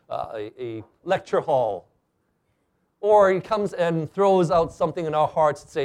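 A man preaching a sermon in a church, animated and acting out the people he quotes. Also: fairly high pitch, moderate pace. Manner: animated, acts out quoted speakers. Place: church stage.

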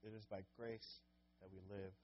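A man's voice: on the low side, little pitch movement, moderate pace, highs cut off, slight background noise. A man preaching a sermon as a pastor, earnest and conversational, growing impassioned when he quotes and pleads.

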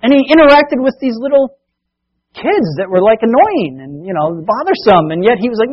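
Husky-voiced man preaching a lively sermon. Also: extremely high pitch, moderate pace, dull audio. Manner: animated storytelling, acting out voices of disciples and Jesus. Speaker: pastor.

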